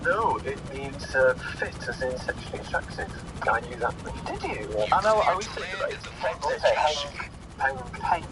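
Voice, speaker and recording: A man's voice: mid-range voice, very animated, fairly quick, hardly any pauses, far from the mic, background noise. A man co-hosting a comedy podcast, teasing and quizzing his partner. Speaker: podcast co-host.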